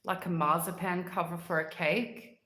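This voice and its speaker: Her voice is fairly low, bright, and forceful, holding a steady tone at a moderate pace in a roomy-sounding recording. She's an Australian livestream host, congested and often clearing her throat, chatting casually with viewers and gushing over sweets with lots of "like."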